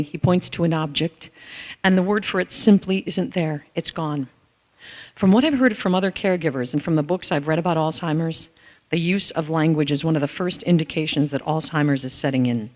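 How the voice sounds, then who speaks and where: A middle-aged woman, an author, telling personal stories to an audience in a candid, conversational way. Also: low-pitched. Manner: conversational, candid, acts out dialogue with "I'm like". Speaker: author and speaker. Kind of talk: personal storytelling talk. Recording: long hall reverb.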